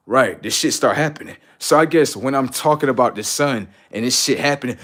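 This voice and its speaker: Animated, profane man ranting on a livestream. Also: medium pitch, a little fast. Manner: animated, profane, preachy, rising to shouts. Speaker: livestream host. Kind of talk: unscripted livestream rant.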